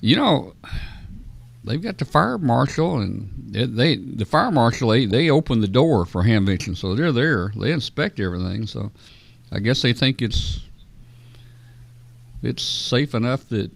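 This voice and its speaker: Gravelly man hosting a roundtable. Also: medium pitch, big pitch swings, unhurried. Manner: folksy, often clears his throat. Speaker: host. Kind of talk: casual radio roundtable chat.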